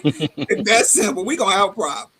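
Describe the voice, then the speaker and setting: A middle-aged man chatting casually, telling a family story with lively acted-out dialogue and salty slang. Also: high-pitched, fairly quick. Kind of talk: casual chat.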